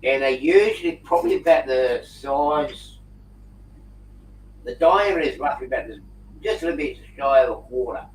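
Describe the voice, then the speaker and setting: A man, hosting a casual video call and telling a prank story in an animated way. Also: medium pitch, normal speed. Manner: animated yarn-spinner, prankster humor. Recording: roomy, distant mic with faint noise.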